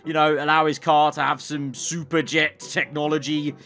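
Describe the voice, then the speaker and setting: A man's voice: on the high side, flat delivery, normal speed, fairly bright tone, faint music behind. A young man chatting through memes in a casual, joking reaction commentary and laughing often. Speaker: F1 content creator.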